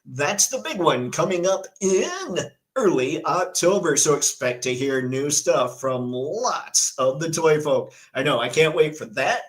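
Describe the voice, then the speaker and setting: A man hosting a casual live stream, chatty and excitable, reading viewer comments and news aloud. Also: on the high side, unhurried, low-quality recording. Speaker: livestream host.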